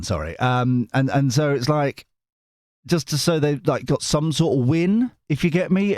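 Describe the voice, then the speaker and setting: A man's voice: medium pitch, darkish tone, dry recording, studio quality. A British man hosting his tarot channel, chatting casually to viewers in a jokey, rambling way that keeps breaking off and restarting. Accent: British English. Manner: chatty, jokey, self-interrupting and digressive. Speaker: tarot reader and channel host.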